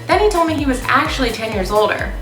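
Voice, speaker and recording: A woman vlogger reading dating stories aloud, playful and sarcastic and quick to laugh. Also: high voice, big pitch swings. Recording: roomy echo with music behind.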